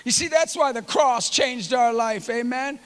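A middle-aged man preaching a sermon with personal stories, impassioned and often rising to near-shouts. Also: extremely high pitch, measured pace, clear, resonant tone, long reverb tail.

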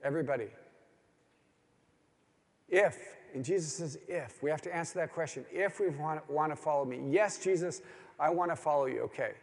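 A middle-aged man's sermon to a men's gathering unfolds at normal speed with frequent pauses, in a fairly high voice. He tells stories earnestly, pressing into rising, pleading emphasis, while long hall reverb hangs in the room.

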